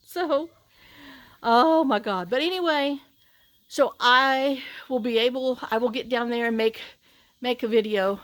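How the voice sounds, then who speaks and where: A middle-aged woman vlogger with a high, expressive voice chats casually to the camera outdoors on rural property, speaking unhurriedly with no echo. Worn out from working in the heat, she sighs and rambles, using lots of fillers.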